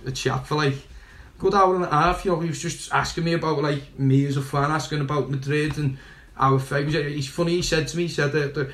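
A man's voice: a little high, steady tone, a little fast, fairly bright tone, reverberant. A young man telling a story in casual, rambling fashion, swearing and laughing along the way. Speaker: guest.

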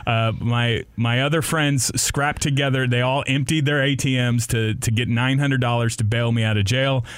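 A man's voice: mid-range voice, normal speed, clear, resonant tone, dry recording, clean studio sound. Laughing man telling a wild story. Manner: laughing often, animated retelling with voices. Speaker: radio host. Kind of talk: casual podcast storytelling.

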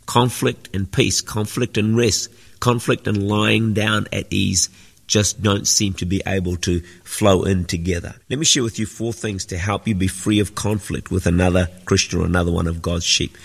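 A man's voice: deep voice, steady tone, moderate pace, gravelly. A man preaching a sermon as senior pastor, earnest and teaching, repeating phrases for emphasis. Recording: echoey hall with long reverb.

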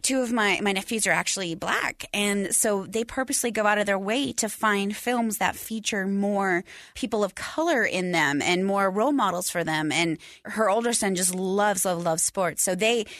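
A woman on a podcast panel chatting casually, animated and quick to laugh. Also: medium pitch, no echo, studio quality. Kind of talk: casual chat.

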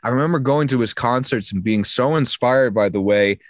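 A man's voice: mid-range voice, brisk, dry recording. A young man from New Jersey, a singer-songwriter, chatting casually as an interview guest and often restarting his sentences. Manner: rambling, many restarts and stammered repeats.

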